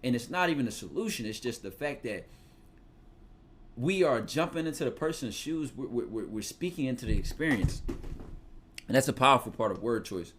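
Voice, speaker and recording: A man with a Philadelphia accent talks through advice in a casual, streetwise way. His speech is loose and slangy, with profanity mixed in, and his pitch sits mid-range for a man. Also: animated, normal speed, slight background noise. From Philadelphia, USA. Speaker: podcast host giving advice.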